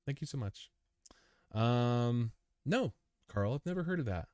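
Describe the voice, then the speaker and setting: A man's voice: medium pitch, animated, a little slow, a little mellow, clean tone, no room sound, studio quality. A man hosting a crypto live stream, chatting casually and answering viewer comments in a rambling, chummy way, worn out after a long session. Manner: laid-back, rambling, chummy, calls viewers dude.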